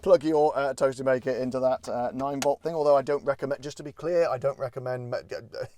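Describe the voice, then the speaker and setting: Guy doing a car review, normal pitch, dry sound, chatty and rambly, pokes fun at himself. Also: fairly even intonation, brisk, darkish tone, dry recording. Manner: rambling, self-deprecating, jokey asides. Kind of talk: casual car walkaround review. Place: in and around a parked car.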